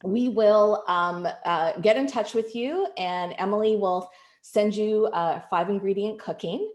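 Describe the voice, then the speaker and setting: A woman's voice: mid-range voice, a little slow, darkish tone. A woman moderating an online webinar over a video call, upbeat as she thanks people and reads out announcements. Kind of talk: hosting a webinar. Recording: echoey room.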